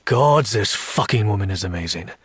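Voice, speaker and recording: A man narrating a dark romance audiobook, reading slowly and seductively and voicing a demon in first person. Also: on the low side, lively intonation, breathy edge, dry recording.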